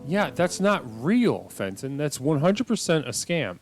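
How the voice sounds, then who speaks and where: A male host doing improvised comedy banter, deadpan and patient, often restarting his sentences. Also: on the high side, unhurried, faint music behind.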